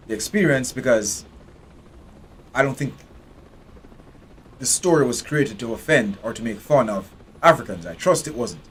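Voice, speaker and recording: Blunt, low-voiced man reviewing a game. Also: fairly bright tone, a little hiss or hum. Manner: frank, blunt, sardonic. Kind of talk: spoken game review commentary.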